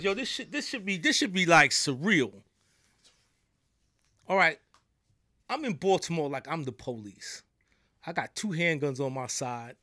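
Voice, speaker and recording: A middle-aged man with a New York accent talks as a guest in a podcast studio. He tells his stories in loose street slang and keeps checking in with "you know what I'm saying". His voice sits a bit high, with a bright, forceful edge and a dry, close sound. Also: no room sound. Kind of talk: casual storytelling.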